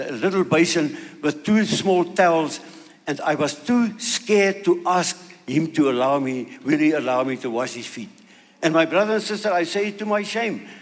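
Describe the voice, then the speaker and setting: An older man with a South African accent giving an earnest, halting personal testimony as a sermon, often repeating words. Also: on the high side. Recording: long reverb of a hall.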